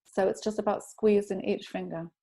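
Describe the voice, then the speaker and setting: A woman guest on a podcast, calmly explaining a self-help technique and telling anecdotes in an instructive way. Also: mid-range voice, moderate pace. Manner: calm, instructive, tells anecdotes. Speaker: EFT tapping practitioner, guest. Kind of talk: explaining in an interview.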